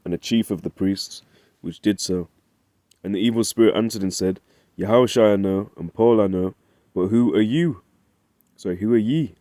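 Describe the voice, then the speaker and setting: A man's voice: on the low side, dark tone, no echo. A man giving a casual Bible study, talking conversationally, often asking "right?" and reading scripture aloud. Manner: reads scripture in old-fashioned wording. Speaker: Bible teacher.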